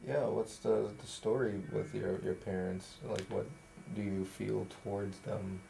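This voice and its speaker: A young man in his twenties asks questions slowly and hesitantly. His low voice has a gravelly texture. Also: steady tone, dark tone, slight background noise. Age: 20s. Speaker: interviewer. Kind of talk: casual interview.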